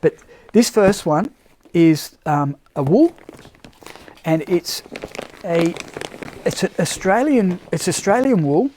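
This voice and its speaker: A man's voice: sits high, animated, takes it slowly, a little mellow, a little hiss or hum. A man presenting blankets on a casual live stream, talking unscripted and searching for words as he goes. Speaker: product presenter.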